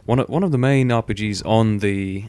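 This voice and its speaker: A man's voice: on the low side, moderate pace, a little mellow. A young man giving casual, rambling gameplay commentary, swearing offhandedly and filling gaps with "um" and "like". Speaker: gaming video host.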